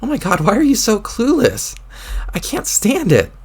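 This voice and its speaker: A man reading a webcomic aloud, voicing an exasperated young woman who scolds her friend in a raised, sharp voice. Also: fairly high pitch, very animated, fairly quick, creaky, husky, voice pushed up, exaggerated voice. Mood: furious.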